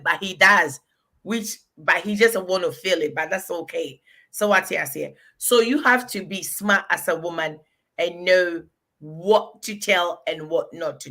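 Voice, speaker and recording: A Ghanaian woman with a bright, forward voice chats as a guest in a relaxed talk show. She tells her stories with plenty of animation and lively rises in tone. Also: on the low side. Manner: animated, storytelling, breaks into laughter. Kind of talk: casual talk show chat.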